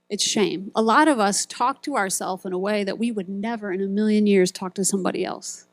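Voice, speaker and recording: A woman's voice: mid-range voice, dry recording. A middle-aged woman giving a sermon at a retreat, telling stories and acting out quoted voices and buzzer sounds. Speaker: speaker at a ministry retreat.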